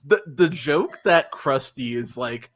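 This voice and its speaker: Bright-voiced man, animated podcast chatter. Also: a little high. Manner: animated, laughing, quick asides and restarts. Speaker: podcast host. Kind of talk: casual podcast chat.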